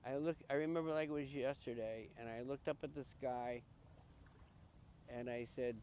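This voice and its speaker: An older man from Massachusetts, a podcast guest, tells his life story in an earnest, halting way, often restarting and repeating words. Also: medium pitch, steady tone, darkish tone, a little hiss or hum. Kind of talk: personal life story in conversation.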